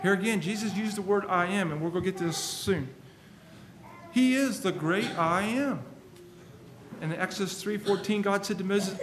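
Guy preaching a sermon, pretty high voice, earnest and emphatic, echoey room with a bit of hum. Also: normal speed. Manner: earnest, emphatic, quotes scripture at length.

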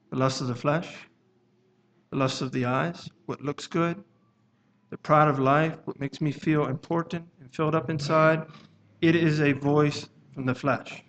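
Measured male preacher with a higher voice. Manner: measured, halting delivery, reading scripture aloud in King James wording. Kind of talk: sermon.

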